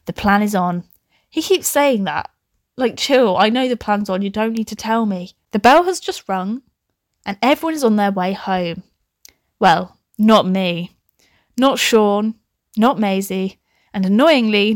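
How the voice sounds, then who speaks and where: A woman's voice: a little high, no room sound, clean studio sound. A young woman reading her own old story aloud, breaking off into laughing, sweary, self-mocking asides. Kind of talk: comic reading with commentary.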